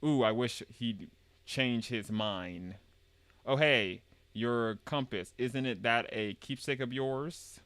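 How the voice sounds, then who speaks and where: A man reading the lines of an eager young girl adventurer in a put-on Southern accent, slow and drawn out. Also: medium pitch, a bit bright, no room sound.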